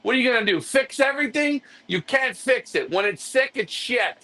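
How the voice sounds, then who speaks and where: A man's voice: very high voice, animated, moderate pace, bright, forceful tone. A man, co-hosting a live pigeon-club stream, ranting bluntly and repeating himself when fired up. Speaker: pigeon racing club co-host.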